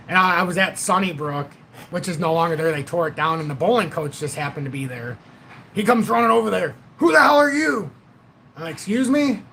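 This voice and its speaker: A man in his forties hosts a casual livestream and talks in a rambling, blunt way, swearing freely. His voice sits a little high for a man. There is faint hiss under the voice. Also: pushed and bright. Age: 40s. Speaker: livestream host.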